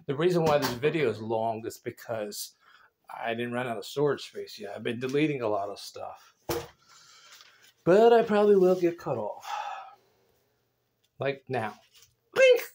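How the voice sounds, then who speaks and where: A man vlogging from his bedroom in rambling casual chat, goofy and playful, bursting into loud shout-outs. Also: mid-range voice, expressive, measured pace, long pauses, noisy background.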